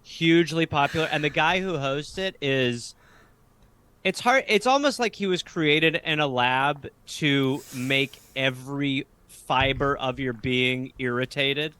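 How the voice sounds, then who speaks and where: An American man, a comedian guest, chatting casually over a video call, riffing animatedly with rapid asides and swearing. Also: medium pitch, pushed and bright, clear, resonant tone, dry recording. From United States. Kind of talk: casual chat.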